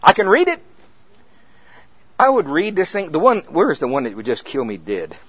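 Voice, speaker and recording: An older man preaching a sermon, telling a story with animated acted-out scenes. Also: on the high side, normal speed, slightly rough. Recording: dull lo-fi recording.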